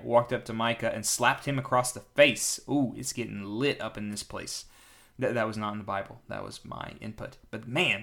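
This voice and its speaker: Young man, podcast host, Bible reading, joking asides, animated voices for quoted speakers. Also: medium pitch.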